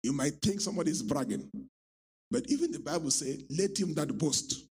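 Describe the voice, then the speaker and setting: Raspy, gravelly preaching man. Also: very animated, normal speed. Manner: preaching that swings between low talk and high, shouted, sung-out rising lines. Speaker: pastor. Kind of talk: sermon.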